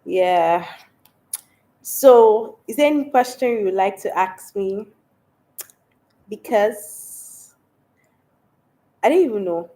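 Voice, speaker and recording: A woman's voice: mid-range voice, takes it slowly, long pauses, warm tone. Stuffy-voiced Nigerian woman chatting live. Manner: chatty, laughs often. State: stuffy voice from a cold. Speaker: livestream host. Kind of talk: casual livestream chat reading comments.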